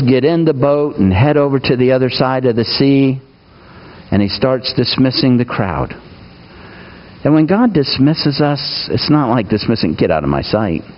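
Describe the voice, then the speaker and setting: A man's voice: mid-range voice, muffled recording. A man preaching a conversational sermon in a church, folksy and asking the congregation questions.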